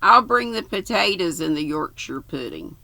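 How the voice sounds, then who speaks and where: A brisk, capable young woman hands out orders in a bossy way, as an older Southern woman reads her. The voice is gravelly and bright, recorded dry and close. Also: lowish voice, expressive, dry recording.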